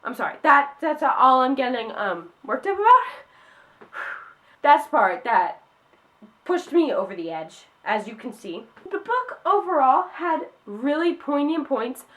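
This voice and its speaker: A woman's voice: high-pitched, very animated, a bit bright. A young woman reviewing a book on her channel, talking casually and emotionally, with many fillers. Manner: gushing, emotional, fast with many "like"s.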